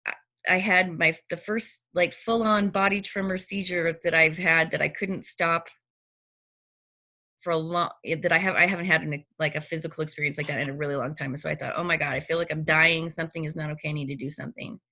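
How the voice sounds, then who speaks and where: A middle-aged woman telling a personal story in casual chat, animated and often acting out her own reactions. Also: low-pitched, fairly quick.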